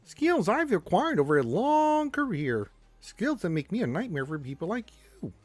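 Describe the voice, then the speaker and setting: A man voicing a nasal, high-pitched frog puppet as a comic impression on a live stream, with a strained falsetto tone. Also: very animated, moderate pace, a little mellow, no room sound, faint music behind. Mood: menacing.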